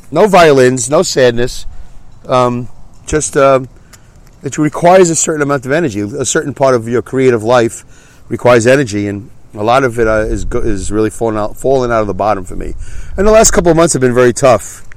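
Male podcast host, mid-pitch, congested and self-mocking, dry booth sound. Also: animated, normal speed, no echo. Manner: self-deprecating, rambling. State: congested, stuffy nose. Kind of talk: casual solo podcast monologue.

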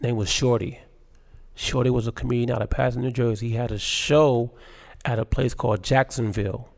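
A comedian man telling stories about his early career in a casual interview, animated and laughing often, with lots of fillers. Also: medium pitch, fairly quick, creaky. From Baltimore. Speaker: guest comedian.

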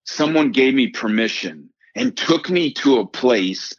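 A middle-aged man speaks as an interview guest in an earnest, emphatic way, circling back over his phrases and dropping in "man". His voice sits at an ordinary pitch. The audio is dull and lo-fi, dry with no room echo. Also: sing-song, a little slow. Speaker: guest, performance coach and former pitcher. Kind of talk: personal storytelling in a podcast interview.

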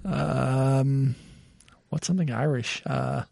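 A man's voice: medium pitch, fairly even intonation, slow pace, vocal fry, a little mellow, no echo, studio quality. A man co-hosting a casual chat, guessing answers with playful jokes and frequent laughter. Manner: joking, laughs a lot, playful. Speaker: podcast co-host.

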